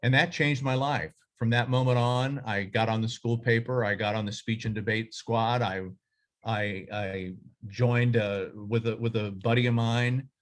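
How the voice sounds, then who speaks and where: A man's voice: mid-range voice, steady tone, unhurried. A middle-aged man who leads a journalism association, speaking in a casual, rambling way full of fillers and restarts. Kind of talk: casual reflective talk.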